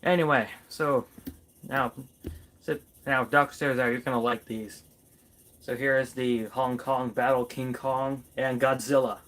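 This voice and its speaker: A man's voice: medium pitch, fairly even intonation, measured pace, a bit bright. A man doing a casual toy review vlog, playfully chatting to his figures as if they were people.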